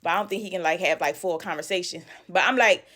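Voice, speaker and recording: A woman telling a personal story in a vlog, animated and emphatic, repeating lines for effect. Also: lowish voice, fast. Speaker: storytime vlogger.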